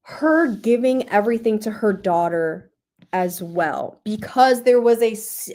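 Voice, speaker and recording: A young woman hosting a book club, talking casually and emotionally about a novel, with many fillers and pauses to think. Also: a little high. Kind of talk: casual book review livestream.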